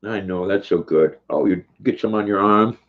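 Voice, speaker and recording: Reading viewer comments out loud between bites, an older livestream host keeps things casual and folksy. He speaks at a moderate pace with a fairly low pitch, over dull, lo-fi stream audio.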